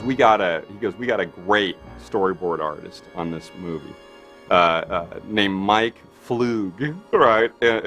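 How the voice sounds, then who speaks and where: A man's voice: lowish voice, a bit bright. A man in an interview, telling a long anecdote with many fillers and acting out quotes. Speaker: special effects artist.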